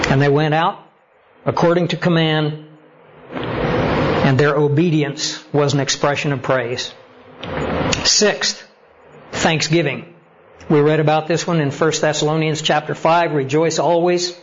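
A man preaching a sermon, telling stories and building to animated emphasis as he makes his points. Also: on the high side, unhurried, long pauses. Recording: slightly dull lo-fi sound with faint noise.

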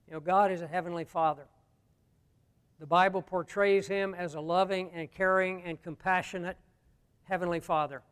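High-voiced man preaching in a reverberant hall. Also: fairly even intonation, moderate pace, clear, resonant tone. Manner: preaching, swings between hushed and loud emphatic lines. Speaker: pastor. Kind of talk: sermon.

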